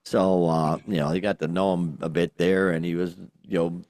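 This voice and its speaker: A man's voice: low voice, moderate pace, a little mellow, no room sound, studio quality. An older man co-hosting a casual podcast, rambling and joking with lots of fillers and exclamations. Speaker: podcast co-host. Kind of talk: casual chat.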